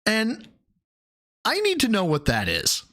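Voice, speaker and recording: A man's voice: huge pitch swings, takes it slowly, sharp tone. Crude, mocking male reaction streamer. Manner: crude, mocking, bursts into high laughing squeals. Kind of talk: casual reaction stream commentary.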